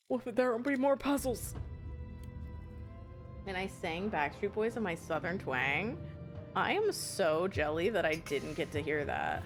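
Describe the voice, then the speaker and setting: A woman's voice: on the low side, expressive, unhurried. Young woman streamer, chatty and loose, prone to panicked shrieks, with faint game music behind her. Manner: chatty, swears, laughs a lot, shrieks when panicking. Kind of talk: casual live-stream commentary.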